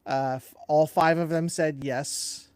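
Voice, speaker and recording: A man's voice: a little high, steady tone, slow, a little mellow, clear, resonant tone, dry recording. A man co-hosting a casual live question-and-answer chat, rambling, laughing often and correcting himself as he goes. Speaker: co-host.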